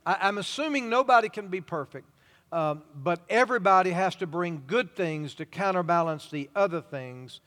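Older pastor, folksy, high voice. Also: male voice, animated, moderate pace. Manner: folksy, warm-hearted storytelling with chuckles. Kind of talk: sermon. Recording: hall reverb.

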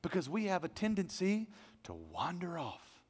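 A pastor preaching a sermon, animated, moving between loud emphasis and hushed asides. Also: male voice, sits high, normal speed, breathy edge, long reverb tail.

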